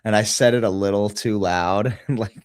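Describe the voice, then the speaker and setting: A man's voice: lowish voice, moderate pace, clear, resonant tone, no echo, studio quality. Crude, joking male podcast host. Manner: crude, storytelling, laughing at own jokes. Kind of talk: casual chat.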